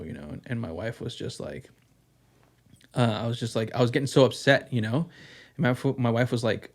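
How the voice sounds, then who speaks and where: A young man on a casual podcast talks candidly at an ordinary pitch. He rambles through his thoughts, piles on fillers like "um" and "like", and swears without holding back. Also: a little fast. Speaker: podcast co-host.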